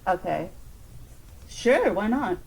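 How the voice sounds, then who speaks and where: A woman's voice: medium pitch, sing-song, takes it slowly, creaky, darkish tone, slightly rough, rough recording. A woman playing a tabletop game, joking and rambling playfully as she describes her character's actions. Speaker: player. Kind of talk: tabletop role-play.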